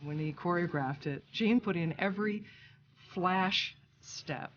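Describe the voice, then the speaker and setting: A woman's voice: fairly low pitch, a little slow, muffled recording, slight background noise. A woman recounting behind-the-scenes stories in a documentary interview, retelling quoted dialogue conversationally.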